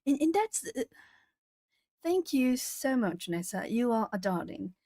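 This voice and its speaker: A woman's voice: on the high side, sing-song, measured pace, mellow, no room sound. Woman with a British-tinged accent, casual stream chat, rambling, laughs a lot, dry close sound. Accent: hard-to-place English accent, British-tinged. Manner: chatty, rambling, laughs often, self-corrects. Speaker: art streamer. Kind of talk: casual livestream chat while drawing.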